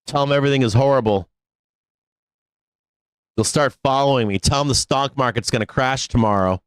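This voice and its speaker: A middle-aged man hosts a live trading stream and rants casually, blunt and sarcastic, with plenty of swearing. He speaks a little fast at medium pitch, his tone clear and resonant with no echo.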